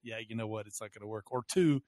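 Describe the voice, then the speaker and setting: A man's voice: lowish voice, fast, dark tone, no room sound. A man co-hosting a podcast in casual chat, teasing his friend and laughing often. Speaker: podcast co-host.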